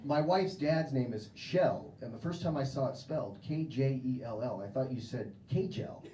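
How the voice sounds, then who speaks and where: An American man performs a crude, mocking stand-up set before a live audience on a comedy club stage, acting out voices. His voice is mid-range at normal speed, and the roomy club is filled with loud crowd noise.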